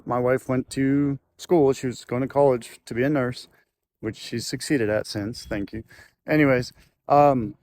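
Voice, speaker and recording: Man, casual storytelling vlog, rambles with restarts, mid-pitched voice, slight background noise. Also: darkish tone. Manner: rambling, loose, with fillers and restarts. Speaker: veteran telling a story.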